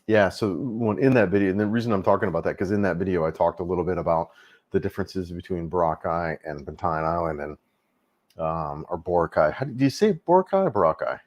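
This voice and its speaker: A man's voice: low voice, quick pace. A middle-aged man hosting a casual travel livestream, rambling easily with lots of fillers and restarts.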